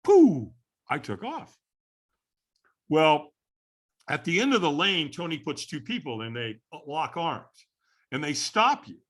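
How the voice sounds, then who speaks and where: A middle-aged man, a podcast guest, tells a story with animated repetition. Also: fairly high pitch, unhurried, long pauses. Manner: animated storyteller who repeats phrases for effect. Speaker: podcast guest, firewalking instructor.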